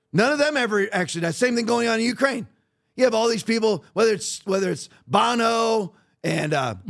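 A man's voice: sits high, gravelly. A man hosting a podcast, delivering heated, sarcastic political commentary and hammering the same points over and over. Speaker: podcast host.

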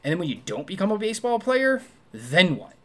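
A man co-hosting a casual movie review chat, talking animatedly and acting out quoted lines in a high voice. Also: big pitch swings, a little fast. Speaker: podcast co-host.

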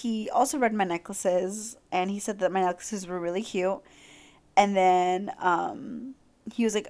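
A young woman hosting a podcast, chatting casually in a gushing, excitable way with lots of fillers. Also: medium pitch, a little slow. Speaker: podcast host. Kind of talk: casual chat.

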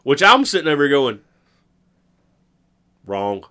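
A man's voice: mid-range voice, a little fast, fairly bright tone. Rambling middle-aged man telling stories. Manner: rambling storyteller, laughs easily. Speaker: podcast co-host. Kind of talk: casual chat.

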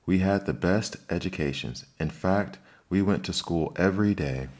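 A man's voice: deep voice, moderate pace, a little mellow, voice pushed up, natural voice. A man voicing a melancholy male Mock Turtle who sighs and sobs as he reminisces, in an audiobook reading. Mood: mournful. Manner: mournful, sighing, wistful.

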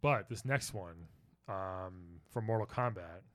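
A man's voice: low-pitched, slow, no room sound, clean studio sound. A man hosting a casual comedic chat, playful and tripping over his restarts. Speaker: host.

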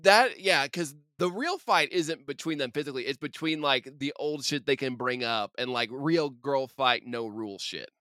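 A woman's voice: rumbling low, lively intonation, normal speed, few pauses, a bit bright. A woman hosting a casual podcast chat, laughing often and talking loosely.

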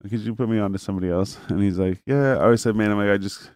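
A man's voice: fairly low pitch, very fast, darkish tone, no echo, clean studio sound. A man telling a long, rambling story in casual chat, cursing freely and acting out both sides of a phone call.

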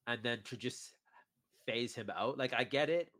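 A man's voice: medium pitch, normal speed, a bit bright. A man co-hosting a podcast in casual chat, rambling from point to point with chuckles in between. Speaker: podcast co-host.

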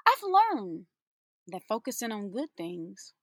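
A woman's voice: medium pitch, huge pitch swings, takes it slowly, dry recording, studio quality. A woman teacher giving an inspirational spoken-word monologue, sassy and playful, laughing often and drawing out her words for emphasis.

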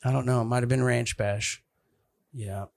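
A young man telling a story in casual chat, acting out other people's voices with big jumps in pitch. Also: fairly even intonation, normal speed, vocal fry, darkish tone.

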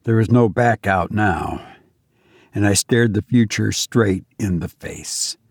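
Guy reading a spooky old story real slow, dry close sound, goes soft on the talky bits. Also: lowish voice, breathy edge, no echo. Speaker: audiobook narrator. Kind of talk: scripted narration of a gothic story.

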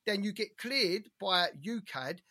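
A man co-hosting a boxing podcast, talking in an animated, rambling way and swearing often. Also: sits high, a little slow. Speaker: podcast co-host. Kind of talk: casual boxing chat.

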